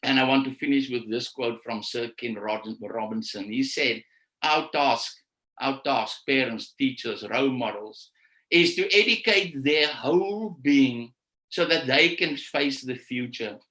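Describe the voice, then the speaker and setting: A man giving a motivational talk to teachers, repeating his key phrases and slowing down to stress them. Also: medium pitch, bright, forceful tone. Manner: preachy, repeats key phrases, slows down for emphasis. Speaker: conference speaker. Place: live stream session.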